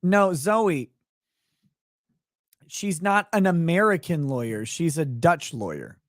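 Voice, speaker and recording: A man hosting a casual live stream, talking in a rambling, halting way with wry asides. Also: on the high side, animated, no echo, studio quality. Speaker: livestream host and lawyer. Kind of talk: casual livestream chat.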